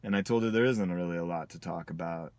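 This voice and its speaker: A man talks in a candid personal video diary, reflective and halting, with many pauses. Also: sits low, darkish tone. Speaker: vlogger.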